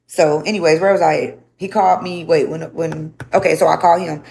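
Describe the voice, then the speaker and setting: A woman's voice: lowish voice, fast, gravelly, few pauses, darkish tone, slight background noise. A young woman telling her story to a livestream audience, speaking bluntly with lots of swearing and repetition.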